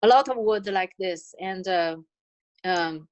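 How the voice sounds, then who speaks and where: A woman's voice: mid-range voice, highs cut off. Chinese woman teaching her language. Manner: patient, demonstrates counting and tongue twisters slowly. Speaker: language presenter. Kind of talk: online language lesson. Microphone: video call.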